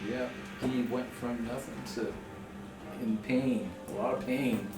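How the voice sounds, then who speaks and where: A man running a tabletop game as dungeon master, relaxed as he describes the scene and rules on the dice. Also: medium pitch, unhurried, far from the mic. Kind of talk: casual tabletop game narration. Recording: roomy room sound with background music.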